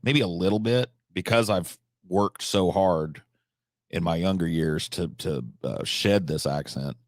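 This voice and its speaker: A man's voice: low voice, a little slow, no echo, clean studio sound. A man from California hosting a livestream, answering viewers in an articulate, reflective way and letting a country drawl slip in now and then. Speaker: livestream host.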